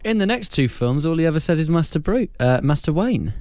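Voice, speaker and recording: A man in casual chat, reacting quickly with short remarks and easy laughter. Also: fairly high pitch, very animated, a little mellow, no echo.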